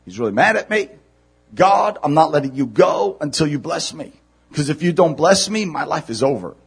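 A male preacher acting out a desperate, scheming man who pleads for a blessing and confesses his deceit in a low, husky voice. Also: expressive, moderate pace, exaggerated voice.

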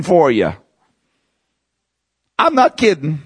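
Man preaching, lively rising voice, dry close sound, pastor, middle-aged. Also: fairly high pitch, no echo. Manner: animated preaching, swings from fast bursts to slow emphatic words. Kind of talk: lively sermon. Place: church.

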